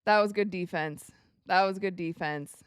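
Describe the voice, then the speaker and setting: A young woman hosting a live basketball watch party, calling plays excitedly and talking to her viewers. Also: fairly low pitch, moderate pace, smooth, no echo, studio quality. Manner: excitable, reacts loudly to plays, talks to viewers as you guys. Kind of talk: live game commentary to chat.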